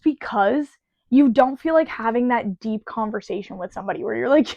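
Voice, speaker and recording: Woman ranting and cussing, kinda high voice, dry muffled lo-fi sound. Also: moderate pace, creaky, dry recording. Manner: exasperated and profane, laughing often. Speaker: podcast host and bartender. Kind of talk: casual ranting monologue. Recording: dry, slightly dull lo-fi recording.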